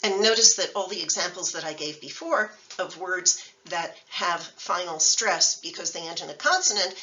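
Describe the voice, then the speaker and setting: A woman's voice: on the low side, moderate pace, bright, forceful tone. A woman instructor giving a recorded language lecture, explaining patiently and methodically with example words. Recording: dull lo-fi sound from a distant mic.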